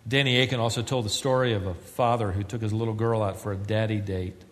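A man preaching a sermon as pastor, earnest and building to loud, emphatic climaxes. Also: on the low side, steady tone, fast. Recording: long reverb of a large hall.

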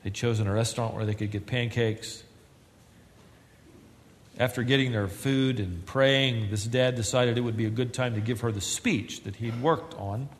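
A man preaching a sermon as pastor, earnest and building to loud, emphatic climaxes. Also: mid-range voice, moderate pace, slight background noise. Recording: long reverb of a large hall.

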